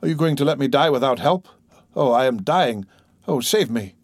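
A man's voice: medium pitch, moderate pace, darkish tone, no room sound, studio quality, natural voice. A man voicing a dying servant, gasping and pleading. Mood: desperate. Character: dying male servant, terrified and choking.

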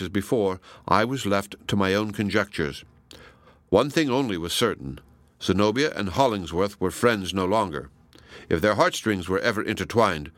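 A man narrating a novel in a measured, reflective storytelling manner. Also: sits low, a bit bright, no echo. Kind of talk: audiobook narration.

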